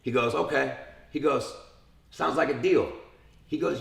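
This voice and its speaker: A young man speaking casually in an interview, retelling events in a lively way, acting out the people he quotes, with lots of profanity. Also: medium pitch, unhurried, gravelly, pauses often, roomy sound. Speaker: interview guest.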